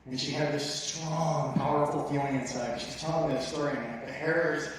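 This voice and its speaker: A man gives a heartfelt church testimony, speaking earnestly and sometimes haltingly as he recounts his story. His voice sits in the middle range and rings through a large, very echoey hall with a long reverb tail. He sounds set well back from the microphone, with faint ambient noise under him. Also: medium pitch, recorded from a distance. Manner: earnest, emotional, halting delivery.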